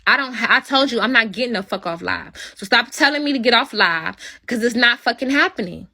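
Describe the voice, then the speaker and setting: Woman, livestream host, profane, confrontational, bright sharp tone, phone mic. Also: on the high side, lively intonation, fairly quick. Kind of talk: angry livestream rant.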